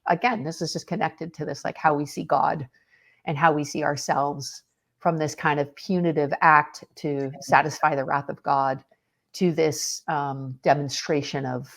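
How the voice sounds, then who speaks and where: A middle-aged woman talking as a podcast guest, telling stories in an animated way and acting out the quotes. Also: deep voice, creaky. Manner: animated storyteller who acts out quotes. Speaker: podcast guest, author and speaker. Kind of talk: casual faith conversation.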